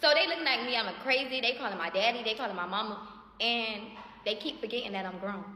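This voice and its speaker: Bright-voiced young woman telling a story. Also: on the high side, fast talker, a little hiss or hum. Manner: animated, chatty, often addresses viewers as y'all. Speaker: storytime creator. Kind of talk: casual storytime to followers.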